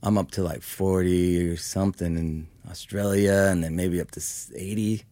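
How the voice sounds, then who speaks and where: A man's voice: low voice, fairly even intonation, moderate pace, dark tone, dry recording. A man in his fifties from Los Angeles, a musician talking casually in an interview, rambling with lots of "like" and "you know.". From Los Angeles, California. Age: 50s. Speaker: musician guest.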